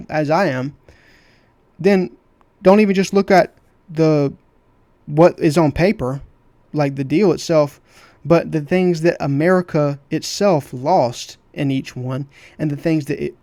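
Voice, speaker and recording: A man's voice: on the high side, a little mellow, no room sound. Emphatic man, dry close sound. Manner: emphatic, repeats phrases for stress. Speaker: commentator reacting to his debate. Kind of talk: heated commentary over a clip.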